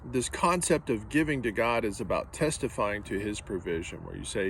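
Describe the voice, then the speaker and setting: A man's voice: fairly low pitch, normal speed, hardly any pauses, fairly bright tone. Earnest preaching man, faint noise. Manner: earnest, direct preaching with emphatic repetition. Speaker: pastor. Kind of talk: sermon.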